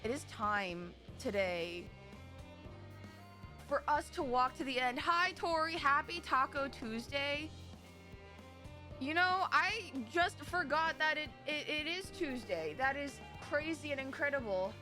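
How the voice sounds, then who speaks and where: A young woman streamer chatting with her live chat in an excitable, dramatic way, rambling and restarting as she goes. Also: high-pitched, takes it slowly. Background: faint game music.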